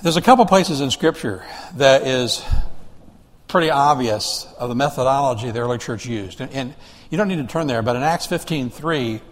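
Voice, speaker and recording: A man's voice: mid-range voice, normal speed, in a large hall. A man preaching a sermon in a conversational way, asking the congregation rhetorical questions and often restarting his sentences. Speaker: pastor.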